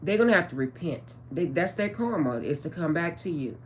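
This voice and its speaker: A woman's voice: sits low, lively intonation, a little fast. A woman channeling spiritual messages in a casual vlog, talking straight to her viewers in a chatty way. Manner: chatty, addresses viewers as guys, trails off with um.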